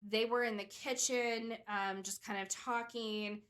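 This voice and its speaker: A woman's voice: a little high, steady tone, unhurried, a bit bright. A young woman co-hosting a podcast, telling a story in a chatty way with lots of "like" and "um". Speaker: podcast co-host telling the case. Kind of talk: casual chat.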